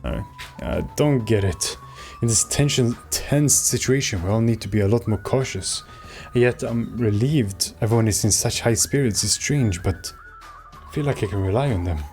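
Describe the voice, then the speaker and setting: A man's voice: on the low side, normal speed, darkish tone, faint music behind, lightly acted. Guy reading game hero's inner thoughts, unsure young dude, kinda reflective. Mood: uncertain. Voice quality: inner-monologue, reflective delivery. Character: doubtful young male student narrator.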